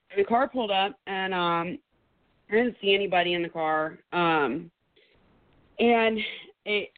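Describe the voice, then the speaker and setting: Woman telling a story over a tinny phone line. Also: mid-range voice. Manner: lively, acts out her own words loudly. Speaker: guest. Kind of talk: animated first-hand storytelling. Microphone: phone call.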